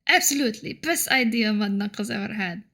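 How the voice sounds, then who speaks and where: Goblin cook, male, boastful and crude, broken grammar, Russian-tinged accent, read by a woman, gravelly. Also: medium pitch, brisk, bright, forceful tone. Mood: eager. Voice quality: broken grammar, third-person self-reference.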